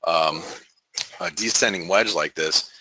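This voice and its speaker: A man giving casual market analysis, halting with many fillers and restarts. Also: low voice, noisy background.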